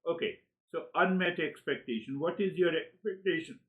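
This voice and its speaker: Animated man giving a spiritual lecture. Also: fairly high pitch, moderate pace, low-quality recording. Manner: animated, acts out inner dialogues with sudden laughs; repeats words while searching, "you, you". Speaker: spiritual teacher.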